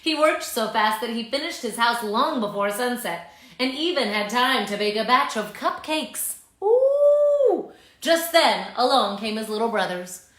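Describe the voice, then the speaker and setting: Bright animated lady doing storytime read aloud, gets kids to join in, echoey room. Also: on the high side, moderate pace. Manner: lively, coaxes listeners to join in. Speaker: children's read-aloud host. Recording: roomy echo.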